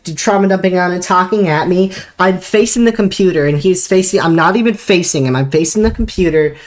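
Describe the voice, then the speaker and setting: A young woman streamer with a lowish voice tells a work story in casual chat. She's animated, swears casually, and breaks into laughter.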